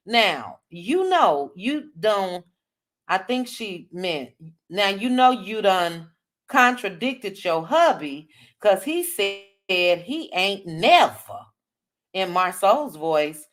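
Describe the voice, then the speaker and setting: A woman's voice: mid-range voice, slow pace. Chatty dmv woman on a livestream, voice all over the place, takes her time. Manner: chatty, animated, reads comments aloud with asides. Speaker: livestream host. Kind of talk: casual livestream commentary reading comments.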